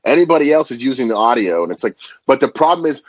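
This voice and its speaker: A young adult man, a food content creator guesting on a podcast, talking in an animated, slangy way with casual swearing. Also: medium pitch, fast, no room sound, highs cut off. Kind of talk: casual chat.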